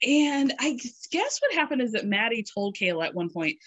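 A woman's voice: fairly high pitch, moderate pace, no echo. A woman co-hosting a podcast, recapping a show in casual chat and giggling often. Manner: giggly, animated storytelling with quoted voices. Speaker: podcast co-host.

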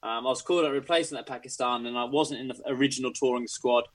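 A former cricketer telling a rambling anecdote in casual chat. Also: male voice, medium pitch, steady tone, fast, poor audio. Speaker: former cricketer, podcast guest.

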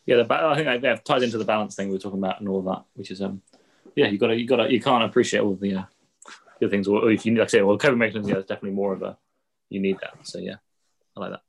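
A man in casual podcast chat, agreeable and quick, restarting sentences with "yeah". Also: lowish voice, gravelly, slightly rough, low-quality recording. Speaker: podcast co-host.

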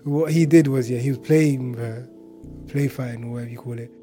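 A man's voice: medium pitch, fairly even intonation, a little fast, warm tone, faint music behind. A man casually telling a personal story, chatty and full of filler words and asides.

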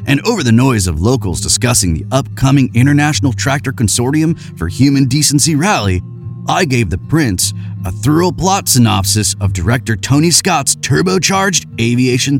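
A man narrating a comic first-person story in a deadpan, boastful way with a dry delivery. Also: mid-range voice.

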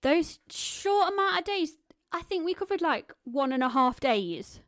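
A woman with a high, light voice co-hosts a podcast in relaxed conversation. She chimes in often, agreeing and backing up her partner. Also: a little slow. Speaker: podcast co-host. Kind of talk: casual chat.

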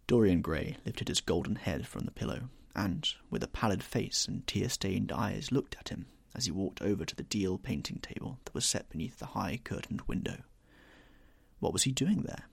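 A man narrating a classic novel in an expressive, measured storytelling manner. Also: low-pitched, gravelly, slightly rough, no echo. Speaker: audiobook narrator.

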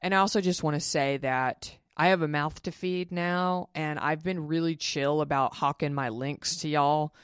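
A woman in her thirties with a notably low voice talks casually into a close mic, frank and chatty, cursing freely. The sound is dry and intimate, with no room around it. She slips into quick impressions of other people mid-story. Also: fairly even intonation, clean tone, no room sound. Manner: chatty, frank and profane, with mimicked quotes. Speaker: podcast host. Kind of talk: casual solo podcast chat.

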